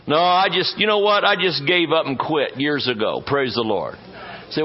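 A man's voice: medium pitch, expressive, normal speed. A man preaching a sermon as pastor, folksy and joking, stretching words for emphasis. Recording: dull muffled audio.

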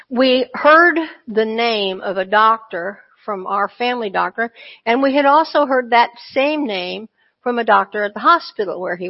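Woman, churchgoer, earnest conversational testimony, slightly high voice, muffled lo-fi sound. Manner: earnest, conversational, with frequent asides. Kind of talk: personal testimony storytelling. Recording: dull lo-fi recording.

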